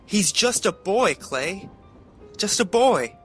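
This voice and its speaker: Guy putting on a panicky farm lady, high and pleading, soft music behind. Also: sing-song, slow pace, full character voice. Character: frantic rural woman, pleading and tearful.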